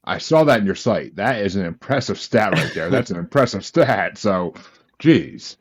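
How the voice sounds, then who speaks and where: A man's voice: lowish voice, animated, normal speed. A man hosting a podcast, chatty and self-deprecating as he talks with a guest. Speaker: podcast host. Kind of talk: casual podcast interview. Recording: dull lo-fi audio.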